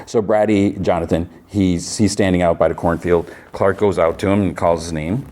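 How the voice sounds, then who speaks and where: Deep-voiced man rambling through a recap. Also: steady tone, normal speed, warm tone. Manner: rambling, filler-heavy retelling with chuckles. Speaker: podcast host. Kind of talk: casual episode recap.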